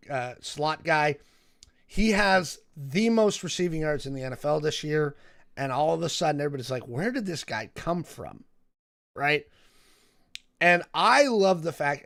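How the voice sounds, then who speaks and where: A man co-hosting a casual talk show, telling stories with lots of "right?" tags and fillers. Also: on the high side. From Seattle area, United States. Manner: animated storytelling, many fillers and "right?" tags. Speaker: co-host. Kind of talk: casual podcast chat.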